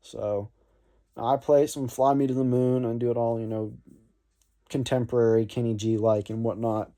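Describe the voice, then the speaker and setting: A man's voice: mid-range voice, level tone, normal speed, mellow. Laid-back man spinning a yarn. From North Florida. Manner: rambling, laid-back, many fillers and "man". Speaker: saxophone player telling a story. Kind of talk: casual storytelling vlog.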